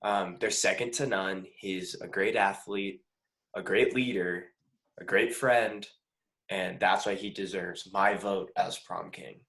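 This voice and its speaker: A man's voice: deep voice, steady tone, slow pace, fairly bright tone, roomy sound. A young man co-hosting a casual podcast, making a playful mock-earnest case. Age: young adult. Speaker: podcast co-host.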